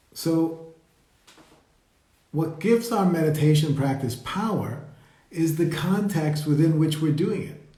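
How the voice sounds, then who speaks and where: A man leading a live meditation talk, speaking slowly and reflectively and greeting viewers as they join. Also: fairly high pitch, mellow. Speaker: meditation teacher. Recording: roomy echo.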